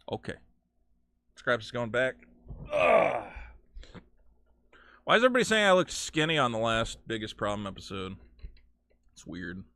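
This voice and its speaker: A man's voice: fairly low pitch, sharp tone, no echo. A man hosting a live game stream, ranting with profane, sarcastic commentary from his home setup. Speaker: streamer host.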